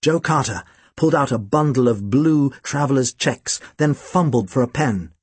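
A man's voice: mid-range voice, moderate pace, slightly rough, no room sound. A man reading an audiobook, narrating in a dry, wry storytelling manner. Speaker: audiobook reader.

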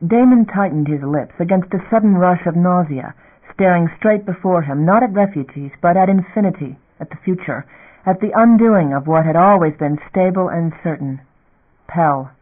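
A man reading a science fiction novel aloud in a measured narrator's voice. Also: high-pitched. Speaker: audiobook narrator. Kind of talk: scripted narration. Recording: tinny phone-like audio.

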